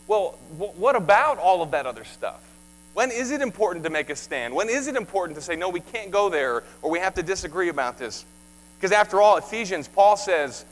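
A man delivers a sermon in a high, animated voice that leaps up and down. He talks casually, tripping over and repeating words before rising into urgent questioning. A faint mains hum runs under the recording. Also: low-quality recording. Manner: conversational, repeats words, rises to impassioned questioning. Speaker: pastor.

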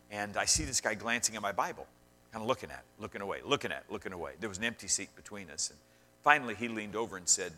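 A male minister preaching a sermon with animated storytelling to an audience in a large hall. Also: lowish voice. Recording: long hall reverb.

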